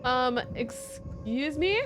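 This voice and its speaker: A woman's voice: high voice, lively intonation, drawn-out words, music in the background. Jumpy young woman streaming a game. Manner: jumpy, swears, talks to chat. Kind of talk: live gameplay commentary.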